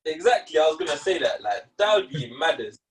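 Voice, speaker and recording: A young man co-hosting a casual podcast chat, teasing and joking with loud laughs. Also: a little high, sing-song, fairly quick, a little hiss or hum. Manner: teasing, jokey, laughs loudly. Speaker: podcast co-host.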